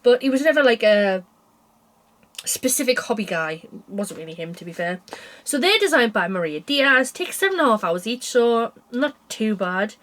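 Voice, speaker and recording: Young woman, tired and yawning, rambling craft chat, slightly high voice. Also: big pitch swings, normal speed, a bit bright. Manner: rambling, chatty, frequent yawns and laughs. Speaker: cross stitch vlogger. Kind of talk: casual chat.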